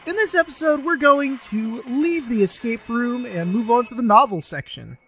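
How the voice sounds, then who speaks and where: A woman's voice: a little high, animated, normal speed, a bit bright, soft background music. A woman hosting a let's play, chatting wryly and teasing the characters. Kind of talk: casual commentary with character voicing.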